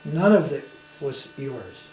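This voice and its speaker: A swami gives a spiritual lecture in a conversational, anecdotal style, using tag questions and asking listeners to follow along. His mid-range voice is very animated, slow, and a little mellow, recorded in a roomy space with faint hum.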